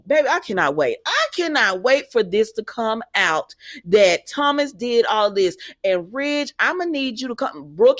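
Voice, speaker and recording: A woman giving a casual, animated recap of a soap opera episode. She talks back at the characters as she goes. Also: a little high, no echo, studio quality.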